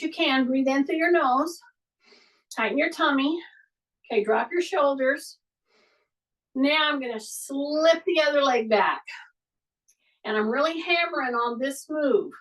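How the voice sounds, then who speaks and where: A high-pitched woman leads an exercise class, coaching and repeating her cues with encouragement while she moves. She is a bit away from the microphone, so her voice sounds distant. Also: fairly bright tone. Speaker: fitness instructor. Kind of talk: live online exercise class instruction.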